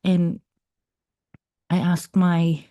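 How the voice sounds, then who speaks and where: A young adult woman hosting her own podcast, talking candidly and at length about her week, with restarts and soft laughs. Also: fairly low pitch, monotone, extremely slow, no echo, clean studio sound. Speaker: podcast host. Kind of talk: personal confessional monologue.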